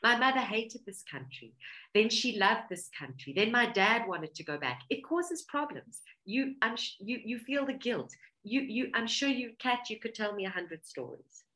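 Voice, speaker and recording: A woman's voice: a little high, big pitch swings, moderate pace, sharp tone, poor audio. A woman from South Africa with a South African accent, earnestly telling her life story as an interview guest. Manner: earnest, heartfelt, talks through emotion.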